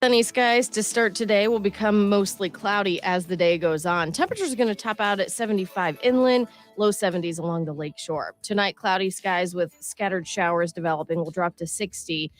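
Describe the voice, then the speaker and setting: Female radio meteorologist, calm even read, faint music bed behind. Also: mid-range voice, brisk, few pauses. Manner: smooth, even forecaster delivery. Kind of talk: scripted weather forecast.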